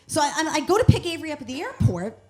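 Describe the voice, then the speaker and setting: A woman's voice: high-pitched, very animated, very fast, a little mellow. A woman comedian telling rambling, profane stories on a comedy club stage, restarting sentences and acting out dialogue. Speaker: stand-up comedian. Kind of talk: stand-up storytelling.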